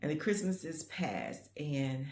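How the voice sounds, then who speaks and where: A woman's voice: deep voice, expressive, slow, a little mellow, a little hiss or hum. A woman in her fifties, a grandmother, chatting casually to camera in a rambling, reflective way, full of "you know what I'm saying" asides. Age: 50s. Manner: grandmother musing on changing times. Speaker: vlogger.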